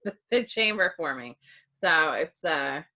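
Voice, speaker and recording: A woman hosting a podcast in casual chat, rambling with many fillers and quick to laugh. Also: deep voice, expressive, sharp tone. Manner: chatty, rambling, lots of likes and ums, laughs easily. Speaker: podcast host.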